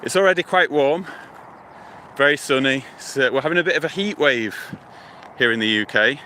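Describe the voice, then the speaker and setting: A man streams live from his phone as he strolls past a lake, narrating whatever he sees in an easygoing, meandering way. His voice sounds bright and forward. Faint traffic hum sits in the background. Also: medium pitch, normal speed. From United Kingdom. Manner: relaxed rambling, thinking aloud, talks to viewers. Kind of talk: casual walking livestream chat. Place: outdoors by a lake and river near a motorway. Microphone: phone held while walking. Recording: outdoor traffic hum behind.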